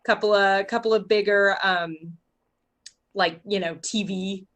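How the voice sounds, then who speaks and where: A woman's voice: medium pitch, fairly even intonation, measured pace, fairly bright tone. A woman co-hosting a casual podcast. She talks in a loose, rambling way, full of filler words and restarts. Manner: chatty, lots of filler words. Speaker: podcast co-host. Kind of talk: casual chat.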